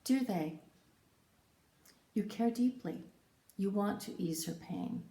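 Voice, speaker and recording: Woman, slow scripted personal narration, mellow tone, roomy echo. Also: mid-range voice. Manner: measured, poetic, emphatic delivery. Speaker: podcast host telling her own story.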